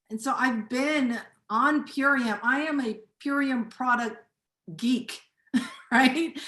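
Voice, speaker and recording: High-voiced woman in her 40s gushing an emotional testimonial, echoey room, video call. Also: a bit bright. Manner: earnest and emphatic, repeats phrases. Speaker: community member sharing a testimonial.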